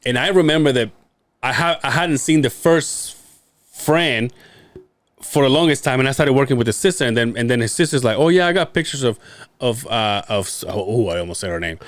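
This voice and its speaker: Animated Mexican-born man telling stories. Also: medium pitch, brisk, no room sound. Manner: animated, laughing, acts out quoted voices. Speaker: podcast co-host. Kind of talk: casual storytelling chat.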